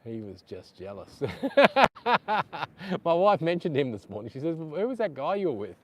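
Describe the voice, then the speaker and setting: A man's voice: fairly high pitch, sing-song, fairly quick. A middle-aged Australian man chatting casually on a live stream, reading out viewer comments, with a lapel mic clipped to his chest. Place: outdoors on a beach.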